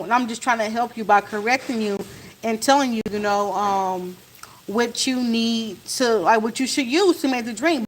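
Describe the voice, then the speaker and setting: A woman in a casual storytime chat, retelling events in an animated way and acting out what was said, while cooking in her home kitchen. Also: fairly high pitch, slight background noise, poor audio. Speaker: family vlogger. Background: faint sizzle of frying food.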